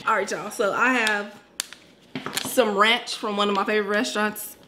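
A woman's voice: medium pitch, moderate pace, background noise. Chatty woman vlogging a meal. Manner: chatty, lively, talks to viewers as y'all. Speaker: vlog co-host. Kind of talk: casual mukbang chat.

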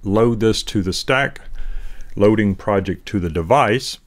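A man's voice: on the low side, a little slow. A man walking through a conference audio setup in a casual, chatty way, with fillers and restarts, heard through a ceiling array microphone. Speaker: product demo presenter. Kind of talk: casual product walkthrough. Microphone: ceiling beamforming array mic.

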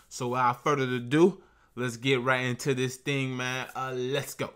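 A man's voice: mid-range voice, level tone, moderate pace, a bit bright, clear, resonant tone. A young man hosting a reaction vlog, ranting in brash slang and peppering every line with bro and man. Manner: brash slangy trash talk, keeps saying bro and man. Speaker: YouTube reaction host. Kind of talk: casual reaction vlog rant.

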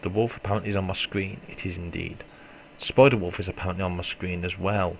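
A man's voice: deep voice, fairly even intonation, fast, a little hiss or hum. A man giving casual let's play commentary, swearing and joking at himself as he plays. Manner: swearing, self-mocking, reacts loudly then mutters. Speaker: gamer.

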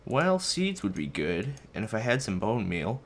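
A young man records casual gameplay commentary from his bedroom. His voice sits a little low, and he rambles easily, teasing himself and chatting straight to his viewers. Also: very animated, normal speed, a little hiss or hum. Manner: rambling, self-mocking, talks to viewers and his dog. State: a bit out of breath. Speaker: gaming video host. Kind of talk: casual let's-play commentary. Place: bedroom at home.

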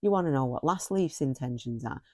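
A woman's voice: very deep voice, lively intonation, a little fast, mellow, no room sound, studio quality. A middle-aged woman giving a casual, effusive book review, often repeating phrases for emphasis.

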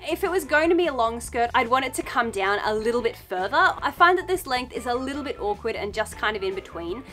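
A woman's voice: on the high side, lively intonation, quick pace, pushed and bright, faint music behind. A young woman with an Australian accent chatting through a clothing haul in a bubbly, gushing, playful way. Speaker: fashion vlogger. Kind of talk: casual thrift haul chat.

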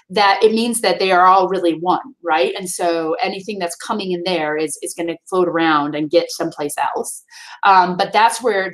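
Midwestern woman explaining to kids. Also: on the low side. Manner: friendly, explanatory, asks "right?" often. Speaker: sustainability expert guest. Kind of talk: answering kids' questions in a virtual classroom.

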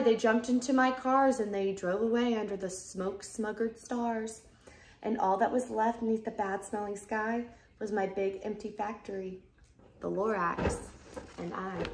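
A woman teacher reading a rhyming storybook aloud, lively and expressive. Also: mid-range voice. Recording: roomy echoey room.

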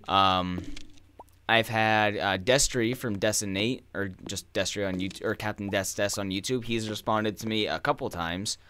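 A man's voice: lowish voice, slight background noise. Crude rambling young man gaming. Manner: crude, rambling, bursts into loud excited yelling. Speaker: gaming YouTuber. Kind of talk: casual gameplay commentary.

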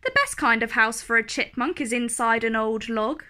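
A small male chipmunk who loves cozy homes, as a woman reads him. His voice is bright and slightly high. He speaks slowly and sounds pleased.

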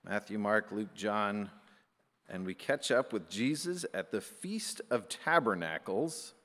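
A male pastor giving a conversational sermon, animated and acting out little asides. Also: on the low side, takes it slowly. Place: church sanctuary. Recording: church hall with long reverb.

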